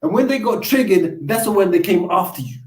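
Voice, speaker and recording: A man's voice: high voice, animated, a little fast. A man hosting a casual live chat, lecturing his guest and acting out quoted exchanges. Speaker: host. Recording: roomy echo.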